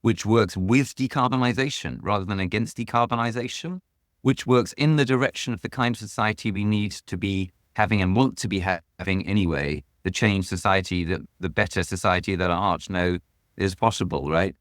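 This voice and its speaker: A man's voice: low-pitched, a little fast, no room sound, studio quality. A man answering as a guest author on a podcast, earnest and emphatic, leaning hard on key words.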